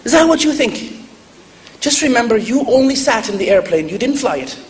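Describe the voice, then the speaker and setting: Man putting on a sharp-tongued old Irish granny. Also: very high-pitched, sing-song, normal speed, pitched above the performer's own voice. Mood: mocking. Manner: scolding, sarcastic. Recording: echoey hall, faint noise.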